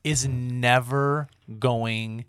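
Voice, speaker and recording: A young man co-hosting a casual podcast, laughing and swearing a lot as he tells stories in an animated way. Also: mid-range voice, drawn-out words. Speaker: podcast co-host.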